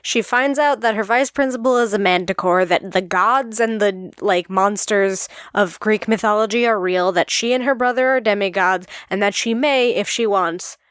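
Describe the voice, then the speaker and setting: A young woman co-hosting a podcast, chatting casually, with lots of filler words and quick bursts. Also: medium pitch, a bit bright, smooth, dry recording, clean studio sound. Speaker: podcast co-host. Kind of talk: casual chat.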